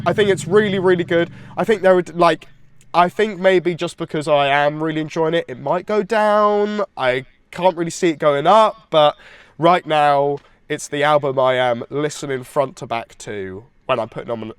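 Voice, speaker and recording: Congested male podcast co-host, slightly high, eager rambling delivery, dry close mic. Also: normal speed, smooth, dry recording. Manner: enthusiastic, rambling with restarts. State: congested from hay fever. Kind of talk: casual music chat.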